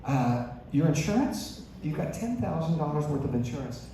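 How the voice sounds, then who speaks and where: A man voicing a reassuring doctor in a joke he tells on stage, with a calm, matter-of-fact bedside manner. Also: fairly high pitch, moderate pace. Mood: soothing. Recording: echoey hall, distant mic, noisy.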